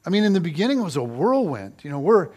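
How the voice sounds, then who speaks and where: A middle-aged male pastor preaching a sermon, telling stories with lively repetition for emphasis. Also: sits high, fast. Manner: animated storytelling, repeats phrases for emphasis.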